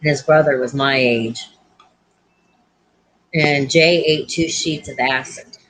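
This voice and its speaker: A woman's voice: a bass voice, slow, slight background noise, poor audio. A woman who works as a nurse, telling a story bluntly in casual chat, full of swearing and acted-out quotes. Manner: blunt and profane, acting out quoted voices.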